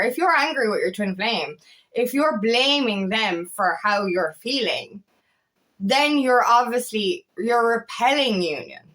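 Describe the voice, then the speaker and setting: Speaking straight to her viewers without a script, this woman coaches on twin flame journeys in a blunt, emphatic manner, cursing freely. Her voice is on the high side with a fairly bright tone.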